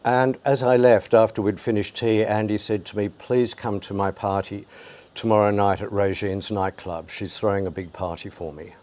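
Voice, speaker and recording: An older man with a fairly low voice tells stories from his past in an interview. He brings the anecdotes to life by acting out the lines of the people he quotes. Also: fairly even intonation, normal speed, a little mellow. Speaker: interviewee photographer. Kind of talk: storytelling interview.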